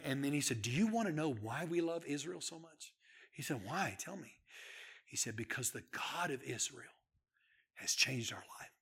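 Bright-voiced preacher swinging hushed to loud. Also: male voice, mid-range voice. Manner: storytelling, swings from hushed to shouting. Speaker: pastor. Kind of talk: sermon.

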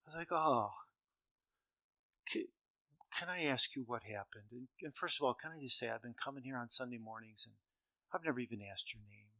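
A middle-aged man on stage tells funny stories at a fairly quick clip, broken by long pauses, his medium-pitched voice bright, forceful and conversational. He slips into quoted characters' lines and laughs at his own humor. The recording is close and dry, with no echo.

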